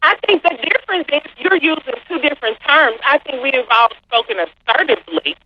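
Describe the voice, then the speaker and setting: High-voiced woman pushing back firmly. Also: brisk. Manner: firm, calmly pushing back. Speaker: podcast co-host. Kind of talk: casual debate. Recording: dull lo-fi audio.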